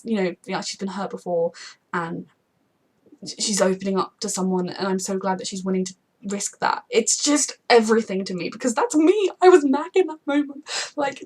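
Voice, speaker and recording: A young woman pours out her feelings about a show in a rush of words, full of fillers, restarts and little laughs. Her voice is slightly husky, and she talks very quickly in a loose, casual way. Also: fairly high pitch, a little mellow. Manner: gushing, emotional and rambling, with many fillers and quick laughs. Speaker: TV reaction channel host. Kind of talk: casual reaction chat.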